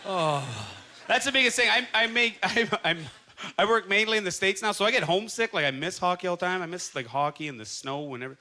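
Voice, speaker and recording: A man's voice: high voice, animated, quick pace. A Canadian man doing a stand-up comedy set on a club stage, talking animatedly and laughing through his punchlines. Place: comedy club stage before a live audience. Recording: live club set, loud crowd noise. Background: loud audience laughter.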